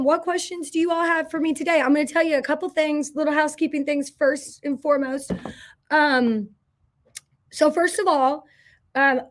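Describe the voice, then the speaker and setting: A high-pitched woman from Indiana chats easily on a live stream, greeting viewers by name. She is effusive and informal, talking as a company president hosting her weekly question-and-answer hour. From Indiana, USA. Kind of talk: casual live-stream chat.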